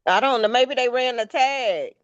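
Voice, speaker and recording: A woman's voice: fairly high pitch, normal speed, no room sound, muffled recording. A woman co-hosting a reaction video, chatting casually and asking a lot of questions.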